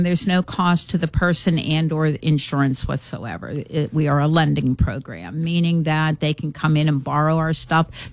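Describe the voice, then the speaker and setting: A woman's voice: low voice, no room sound. A woman from the Pittsburgh area, a guest on a radio interview, explaining plainly with a few fillers. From North Hills, Pittsburgh. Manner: plain, informative, hesitant fillers. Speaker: guest, program coordinator. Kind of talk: interview answers.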